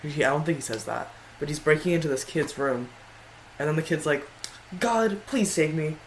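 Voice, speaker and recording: A man's voice: fairly high pitch, steady tone, brisk, slight background noise, poor audio. A man giving casual tier-list commentary in a rambling way, often stopping to correct himself. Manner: rambling, frequent self-corrections. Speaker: video creator.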